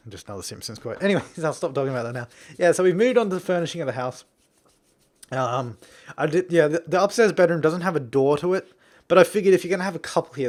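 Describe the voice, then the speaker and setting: A man's voice: fairly high pitch, a little mellow. A young Australian man talking casually over his building gameplay, rambling, chuckling and self-deprecating. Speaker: game builder commentator.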